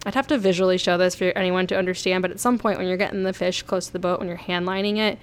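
A young woman from South Florida telling stories casually to her viewers, chatty and excitable, laughing often. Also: fairly low pitch, quick pace, clear, resonant tone. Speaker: vlogger. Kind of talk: casual storytelling.

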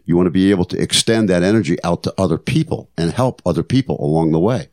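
Earnest low-voiced older man. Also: lively intonation, fast, darkish tone. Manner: earnest, motivational, repeats phrases for emphasis. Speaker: podcast host. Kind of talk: reflective storytelling monologue.

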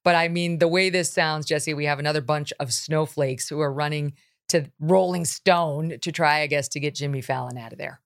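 A middle-aged woman hosting a talk show, blunt and animated, quick to laugh. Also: low-pitched. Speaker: host.

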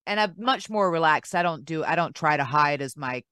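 A woman's voice: low voice, animated, fairly quick, fairly bright tone, no room sound, clean studio sound. A woman with a Southern US accent hosting a casual interview, eager and agreeing, acting out lines she quotes. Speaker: interview host.

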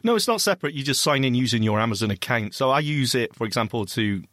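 Man, mid-pitched voice, podcast co-host, casual chat, dry quips, dead studio sound. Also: expressive, quick pace, fairly bright tone, no room sound.

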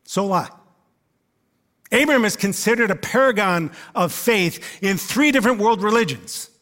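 A man preaching a sermon to his congregation in a relaxed, conversational way, with frequent "uh" fillers and asides to the listeners. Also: high-pitched, moderate pace. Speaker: pastor. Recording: long reverb of a large hall.

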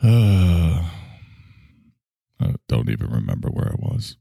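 Gravelly, sardonic male podcast host. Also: low-pitched, sing-song, slow pace, long pauses, dark tone, dry recording, clean studio sound. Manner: sardonic, self-mocking, sighing. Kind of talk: rambling solo podcast monologue.

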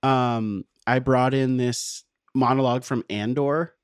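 A man's voice: medium pitch, fairly even intonation, a little slow, clear, resonant tone, no echo, studio quality. A man guesting on a podcast, talking in a thoughtful, explanatory way. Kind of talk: casual chat.

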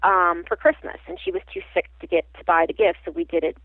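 A woman working as a psychic medium, telling a personal story in an animated, halting way with frequent restarts. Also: lowish voice, no room sound. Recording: tinny phone-line sound, dry.

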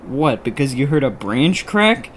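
A man voicing an easygoing, dim sidekick in a comedy skit, tossing off offhand deadpan quips. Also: medium pitch, measured pace, a little hiss or hum. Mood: nervous.

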